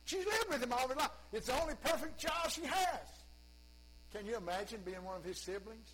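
A man's voice: extremely high pitch, animated, a little fast, a bit bright, poor audio. A male pastor preaching a sermon in a folksy, conversational way with humorous asides.

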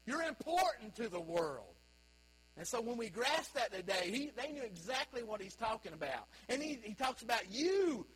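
A man's voice: very high-pitched, pushed and bright, husky, rough recording. A man preaching a sermon as pastor, emphatic and full of rhetorical questions.

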